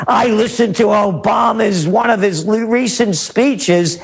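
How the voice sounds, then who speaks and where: A man's voice: high voice, measured pace, gravelly, breathy edge. A man as a guest on a talk radio interview, ranting emphatically and repeating his points. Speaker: guest trend forecaster.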